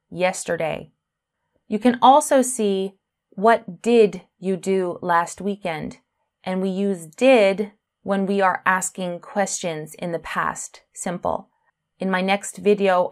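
A woman teaching a beginner English grammar lesson, speaking slowly and carefully, spelling out letters and stressing words for clarity. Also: fairly low pitch.

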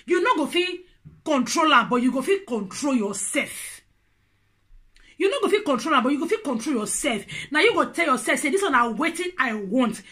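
A woman with a Nigerian Pidgin accent talks straight to camera and hands out relationship advice. Her high, bright voice is animated and playful, with a preachy edge. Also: normal speed. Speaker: vlogger. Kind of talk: casual advice monologue.

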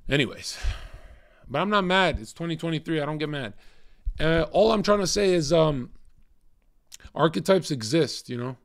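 A man ranting on a livestream, profane and combative, swinging between loud outbursts and low muttering. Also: animated, moderate pace, creaky, long pauses. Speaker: streamer. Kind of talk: casual livestream rant.

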